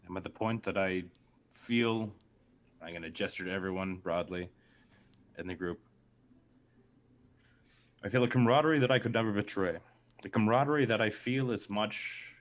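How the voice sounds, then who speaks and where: A man's voice: sits low, moderate pace, pauses often. A man speaking as a player in a tabletop role-play game, in earnest, lofty phrasing. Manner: earnest, lofty in-character speech.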